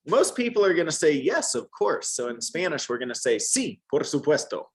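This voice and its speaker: A man's voice: on the high side, very animated, fairly quick. Man teaching a Spanish lesson. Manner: patient, encouraging, models words for repetition. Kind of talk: one-on-one language lesson.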